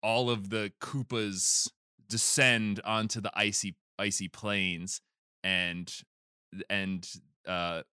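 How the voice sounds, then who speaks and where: A man's voice: fairly low pitch, slow pace, clean tone, dry recording, clean studio sound. A man chatting casually on a podcast, swearing and acting out scenes. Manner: animated, swears, jumps into loud impressions. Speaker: podcast host. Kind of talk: casual chat, retelling a movie trailer.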